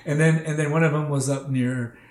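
A man who drives for a rideshare service, telling stories in a casual, animated chat full of "like". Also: a little high, fairly quick. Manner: animated, laughing, leans on "like". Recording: roomy echo.

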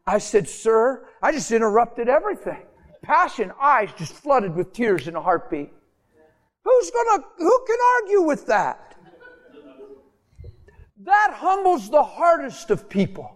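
Male preacher, high voice, impassioned sermon storytelling, loud to hushed. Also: a little slow. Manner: impassioned, swings from loud animated storytelling to hushed intimate tones.

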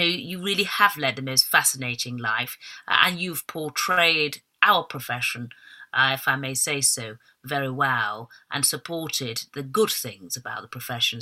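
A middle-aged woman hosting a law interview podcast, effusive and warm in her praise. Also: sits low. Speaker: podcast host.

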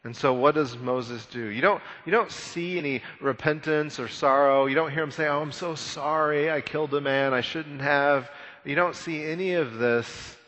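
A man preaching a sermon, retelling a scripture story in a conversational, animated way with frequent repeated words. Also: medium pitch, big-room sound, highs cut off. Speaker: pastor.

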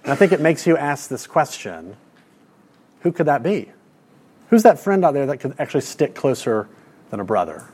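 A man preaching a sermon, earnest, repeating words as he builds a point and dropping soft and slow on key lines. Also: medium pitch, sing-song, husky. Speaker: pastor.

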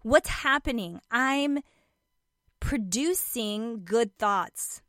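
A woman's voice: a little high, lively intonation, drawn-out words, fairly bright tone, no echo, clean studio sound. Emphatic woman giving a self-help pep talk. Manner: emphatic and repetitive, addresses listener as "girl". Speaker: motivational speaker.

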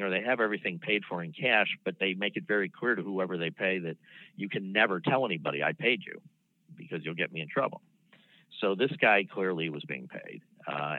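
A man in his sixties, a former prosecutor, recounting a case in a relaxed, anecdotal way with plenty of ums and restarts. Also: low-pitched, no echo. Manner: measured, anecdotal, with frequent fillers and restarts. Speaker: former federal prosecutor, guest. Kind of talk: casual storytelling interview. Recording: dry phone-line sound.

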